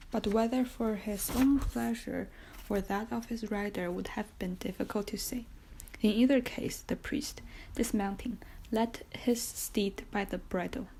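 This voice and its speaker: A woman narrating a classic novel in an audiobook, steady and unhurried, with occasional slips. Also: medium pitch, creaky, breathy edge.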